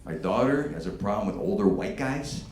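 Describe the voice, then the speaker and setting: A middle-aged man working a comedy stage, cursing freely as his voice leaps up and down in pitch. He speaks into a handheld mic in an echoey room with steady background noise. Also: brisk. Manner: profane, animated, punchy delivery. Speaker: stand-up comedian. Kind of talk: stand-up comedy set.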